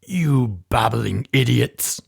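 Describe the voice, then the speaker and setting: A man voicing an angry, bossy gang leader who yells insults slowly and heavily in an audiobook story. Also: medium pitch, pitched above the performer's own voice. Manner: yelling, insulting, slow and heavy.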